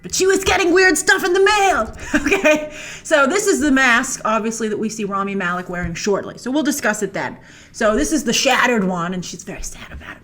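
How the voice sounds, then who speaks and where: A woman hosts a film trailer breakdown in an easygoing, chatty way. Her voice sits a little higher than most, and she keeps it playful and animated, thinking aloud and tossing in asides as she goes. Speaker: film trailer reviewer and show host. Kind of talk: casual chatty commentary over a trailer.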